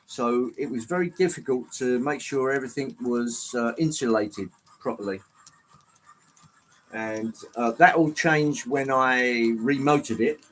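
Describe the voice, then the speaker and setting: A man's voice: medium pitch, a little slow, fairly bright tone, slight background noise, low-quality recording. A middle-aged man casually chatting with viewers as he runs and explains his model trains. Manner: chatty, exclamatory, reads chat aloud. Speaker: livestream host showing model trains. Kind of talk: casual live chat with viewers. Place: indoor hobby room with layout.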